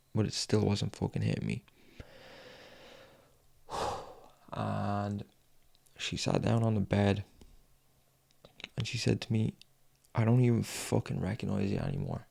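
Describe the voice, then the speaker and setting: A young man telling a painful personal story in a raw, frank way, swearing often and pausing with sighs. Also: fairly low pitch, little pitch movement, creaky, darkish tone. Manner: halting, with long pauses and sighs. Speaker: fitness vlogger.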